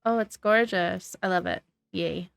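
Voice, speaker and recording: A woman's voice: lowish voice, measured pace, gravelly, dry recording, soft background music. Sleepy, sniffly woman streamer. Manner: chatty, reads and answers chat. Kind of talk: casual gameplay commentary. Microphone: desk microphone.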